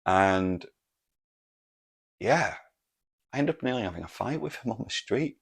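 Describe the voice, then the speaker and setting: Host, man, low gravelly voice, exasperated, swears constantly. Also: animated, measured pace. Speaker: podcast host. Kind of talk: solo comedic podcast rant.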